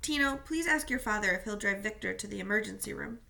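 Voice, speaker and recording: Woman reading as a brisk, firm soccer coach. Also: medium pitch, expressive, gravelly, pushed and bright, heavily acted. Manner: firm, matter-of-fact instructions.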